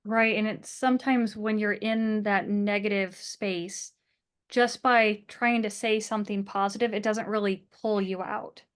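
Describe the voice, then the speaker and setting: A woman's voice: mid-range voice, steady tone, a little slow, smooth. A woman hosting a podcast, encouraging her guest with short affirmations and follow-up questions. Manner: encouraging, frequent backchannel. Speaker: podcast host. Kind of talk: conversational interview.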